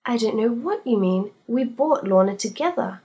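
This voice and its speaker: A woman's voice: fairly high pitch, animated, normal speed, warm tone, slightly rough, dull audio. A woman voicing a fussy, dramatic plump lady who talks in a breathless, gushing way.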